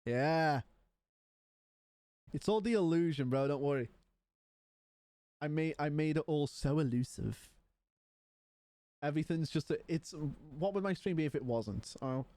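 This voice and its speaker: A man's voice: on the high side, animated, unhurried, long pauses, dark tone, no room sound. A man livestreaming from home, chatting casually and rambling while yawning and tired. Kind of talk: casual stream chat.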